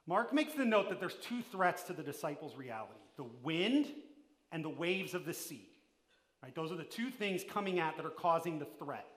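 A man preaches a sermon in a high, bright voice that rings through an echoey church hall. He swings between loud, emphatic lines and hushed ones, putting questions straight to his listeners. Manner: addresses the listeners directly with questions. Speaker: pastor.

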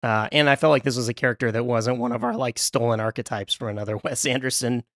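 A man in a loose film-podcast discussion, talking at a middle pitch with a rambling, stop-start delivery. He laughs often as he goes and trails off mid-thought. The sound is close and dry, with no room around it. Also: steady tone, fast, a bit bright, no echo. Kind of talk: casual film review discussion.

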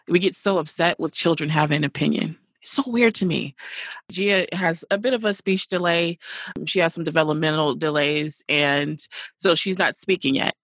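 A woman's voice: fairly low pitch, a bit bright, no room sound, clean studio sound. A woman speaking as a guest in a casual interview over a call, outspoken and emphatic. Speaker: parenting guest.

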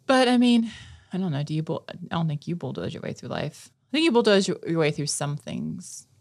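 A woman with a low, deep speaking voice talks in a casual podcast chat. She tells stories with energy, acts out the back-and-forth of what was said and swears casually. The sound is close and dry. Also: a little fast. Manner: animated storyteller, swears casually, acts out quoted exchanges.

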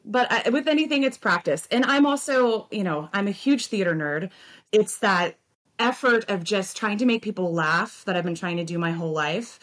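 A woman's voice: mid-range voice, expressive, moderate pace, fairly bright tone. A woman from Louisiana, an actor, being interviewed and talking in a bubbly, self-deprecating way.

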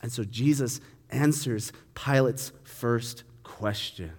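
A man's voice: mid-range voice, slow, a little mellow, long reverb tail. A man giving a casual sermon on a Bible passage. He keeps asking his listeners questions and acts out the quoted lines. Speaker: preacher.

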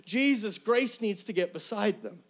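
High-voiced man preaching an earnest sermon. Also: animated, moderate pace. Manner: earnest, conversational, swings from soft to loud. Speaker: pastor.

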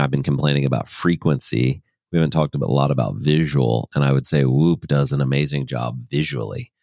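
A man's voice: a bass voice, a little mellow, no room sound, studio quality. A man co-hosting a podcast in casual chat, rambling and agreeable, often correcting himself mid-phrase. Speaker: podcast co-host.

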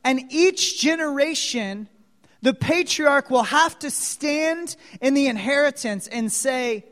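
A man takes his time delivering a dramatic storytelling sermon in a very high voice with lively intonation. He shifts between hushed asides and loud exclamations, asks listeners questions, and the hall rings with long reverb.

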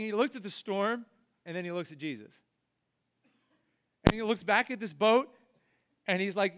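A man with a high, smooth, resonant voice preaches to a church congregation in a loose, conversational style. He retells the story as if chatting with friends and slips into the voices of the people in it. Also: moderate pace, pauses often, a bit bright. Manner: casual storytelling, acts out voices of the people he describes. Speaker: pastor. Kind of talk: conversational sermon. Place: church service before a congregation. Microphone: body-worn microphone.

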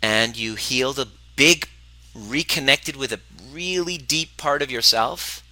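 A man's voice: medium pitch, measured pace, bright, forceful tone, no room sound, rough recording. A man coaching a live group on relationships, speaking emphatically and bluntly, swearing freely and repeating phrases for emphasis. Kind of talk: motivational talk to a live group.

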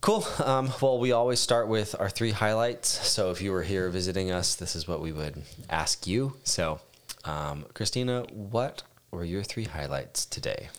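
A man co-hosting a casual home podcast, relaxed and rambling, his voice congested and a little raspy from a cold. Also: low voice, moderate pace. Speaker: podcast co-host. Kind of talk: casual chat. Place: home dining room table.

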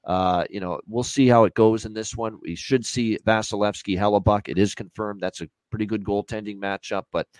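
A man's voice: on the low side, steady tone, darkish tone, clear, resonant tone, no echo. A man hosting a sports betting show, talking casually with many fillers. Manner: quick, chatty, many fillers. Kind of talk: casual betting analysis chat.

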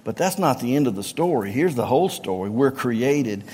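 A middle-aged man with a Southern US accent preaching a sermon, emphatic, repeating refrains and swinging from low tones to near-shouts. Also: animated, moderate pace, slightly rough. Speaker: pastor. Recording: long reverb of a large hall.

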